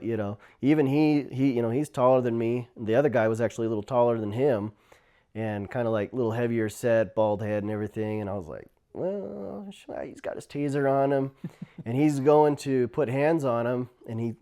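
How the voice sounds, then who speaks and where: A man from the Navajo Nation tells stories from his years as a tribal police officer, with a voice of middling pitch. His telling is loose and animated. He laughs often and breaks into loud shouts when he plays back what people said. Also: clean tone. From Navajo Nation, US Southwest. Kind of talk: casual storytelling.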